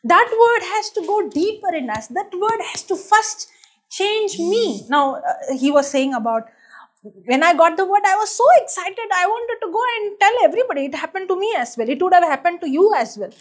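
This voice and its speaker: Very high-voiced woman preaching a sermon. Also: moderate pace. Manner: animated, acts out other people's complaints in quoted voices; laughs at her own stories.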